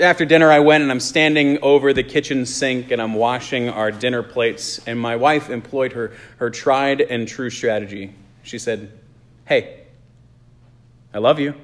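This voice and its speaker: A man, a pastor, delivering an earnest sermon and telling a personal story, slowing down on key phrases. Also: a little high. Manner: earnest storytelling, slows for emphasis.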